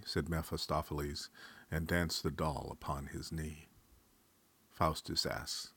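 A man reading a dramatic story aloud in a measured, expressive way. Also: a bass voice, husky, dry recording.

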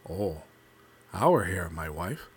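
A man's voice: very animated, slow pace, slightly rough, exaggerated voice. A man doing a sly, possessive old owl husband. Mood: crooning. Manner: low murmuring croon, trailing off to a hush. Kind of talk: storybook character voice.

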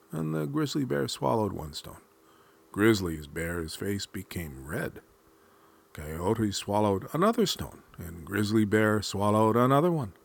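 A man telling a folk tale aloud at an unhurried, measured pace. His voice is low-pitched and husky, and his intonation rises and falls widely as he narrates. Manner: measured, expressive storytelling. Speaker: storyteller.

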